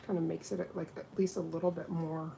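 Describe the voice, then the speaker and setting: Chatty woman with a gravelly voice. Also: low-pitched, fairly quick, a little hiss or hum, low-quality recording. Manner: chatty, with lively quoted voices. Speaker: nail technician. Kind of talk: casual livestream chat while working.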